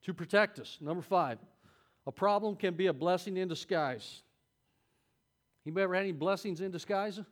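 A middle-aged man teaching a Sunday school class, preaching in a folksy, conversational way with sudden loud peaks. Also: high voice, a little fast, long pauses. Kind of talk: sermon.

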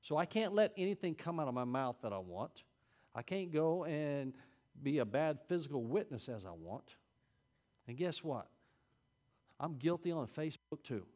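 A man's voice: fairly high pitch, animated, normal speed. Folksy middle-aged man preaching. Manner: folksy, conversational preaching with sudden loud peaks. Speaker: Sunday school teacher. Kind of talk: sermon.

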